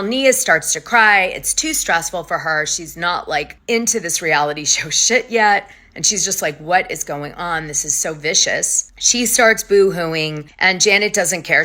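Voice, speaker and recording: A woman hosting a casual reality TV recap, chatty and gossipy, with quick asides. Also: fairly low pitch, sharp tone. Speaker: gossip show host.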